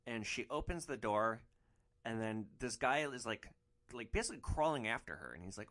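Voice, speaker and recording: Lively man telling a rideshare story. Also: mid-range voice, moderate pace. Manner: animated, swearing, frequent "like" fillers. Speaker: rideshare driver podcast host. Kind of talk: casual anecdote storytelling.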